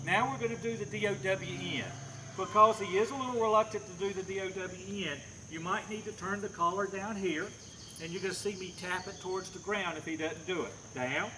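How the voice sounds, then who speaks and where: A man's voice: sits high, fairly even intonation, fairly quick, background noise. A man working as a dog trainer, explaining his methods step by step while giving short commands and praise to a dog. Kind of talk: hands-on training demonstration.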